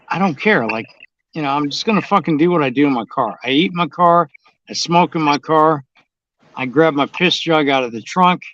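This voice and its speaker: A man's voice: a little high, a bit bright. A man chatting casually and bluntly, swearing constantly as he tells his stories. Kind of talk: casual profane chat. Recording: dull, dry lo-fi sound.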